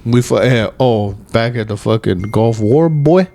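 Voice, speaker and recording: A man in his thirties rambles through a casual podcast chat, swearing freely and cracking jokes. His voice sits at an ordinary middle pitch. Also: unhurried, vocal fry, mellow. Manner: profane, rambling, jokey. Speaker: podcast host.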